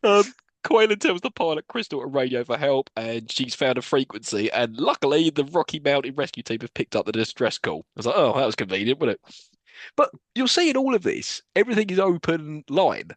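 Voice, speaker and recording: A man's voice: on the high side, sing-song, a little fast, dry recording. A man co-hosting a podcast, chatting casually about a film, laughing often and swearing. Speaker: podcast co-host. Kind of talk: casual film review chat.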